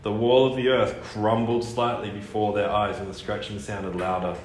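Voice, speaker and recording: A man reading a children's book aloud in a lively storytelling manner. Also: fairly low pitch, moderate pace, hardly any pauses. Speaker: reader. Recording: echoey room, faint noise.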